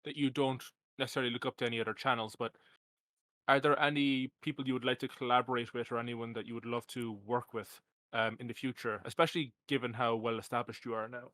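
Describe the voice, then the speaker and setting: A man's voice: mid-range voice, level tone, quick pace, sharp tone, no room sound. A man hosting a casual podcast interview, teasing his co-host and often restarting his sentences.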